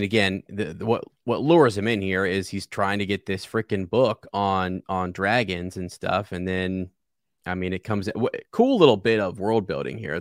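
A man's voice: low-pitched, no room sound, clean studio sound. A man co-hosting a casual podcast about a book, enthusiastic and rambling with many restarts. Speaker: podcast co-host.

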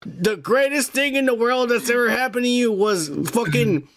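A man's voice: extremely high pitch, normal speed, a bit bright, a little hiss or hum. A man hosting a podcast, trading crude, joking banter full of profanity. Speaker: podcast host. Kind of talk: casual podcast chat.

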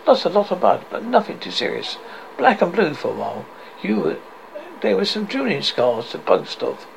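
Man reading as a calm middle-aged doctor, gravelly, fairly high voice. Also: normal speed, slight background noise, exaggerated voice, poor audio. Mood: reassuring. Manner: reads lines plainly with little change of voice.

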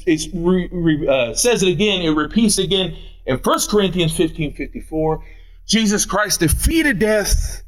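A man's voice: a little high, fairly bright tone. A man preaching an Easter sermon as pastor, running through scripture references with rising emphasis. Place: church sanctuary.

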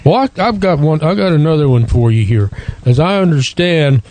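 A man co-hosting an interview who asks his questions politely. His voice is mellow and warm and sits slightly high. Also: animated, brisk. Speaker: co-host. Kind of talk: casual interview chat.

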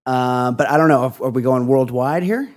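A man's voice: medium pitch, darkish tone. A man co-hosting a podcast, musing aloud in casual chat with many hesitations. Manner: rambling, hesitant, drawn-out musing. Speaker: podcast co-host.

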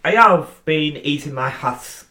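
A man's voice: a little high, expressive, measured pace, sharp tone. A young man giving his opinions as a podcast co-host in casual chat, swearing for emphasis and laughing at himself. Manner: emphatic, swears for emphasis, self-deprecating chuckles.

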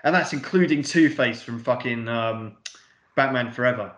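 In an echoey room, a male podcast co-host talks through a film review in a loose, rambling way, cursing often and padding his thoughts with fillers. His voice is mid-pitched and a bit bright, and he keeps a moderate pace.

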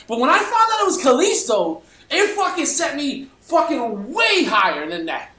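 A man's voice: extremely high pitch, very animated, moderate pace, hardly any pauses, bright, forceful tone, roomy sound. A man co-hosting a podcast, delivering a profanity-laced, heated opinion rant. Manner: profanity-laced, fired-up ranting. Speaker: podcast co-host.

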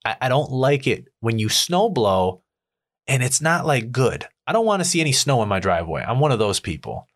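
A man in casual chat telling a profane, irritated story about his neighbor, acting out his rants in a much higher voice. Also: sing-song, fairly quick.

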